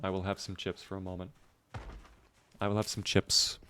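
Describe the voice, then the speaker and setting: A man's voice: low voice, completely flat delivery, normal speed, sharp tone, a little hiss or hum. A man giving casual, jokey live-stream commentary over a game, chatting with and thanking his viewers.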